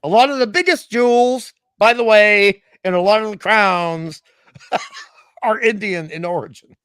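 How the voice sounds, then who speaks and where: An excitable man from Australia co-hosts a casual comedy chat. He jokes freely and laughs often, in a high voice recorded dry and close. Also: measured pace, smooth, no echo. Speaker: podcast co-host.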